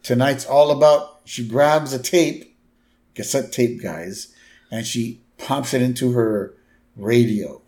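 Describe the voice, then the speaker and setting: A man's voice: medium pitch, slow pace, a little mellow. Laid-back man recapping a cartoon. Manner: laid-back, lots of agreeing fillers. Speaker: podcast co-host. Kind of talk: casual episode recap chat.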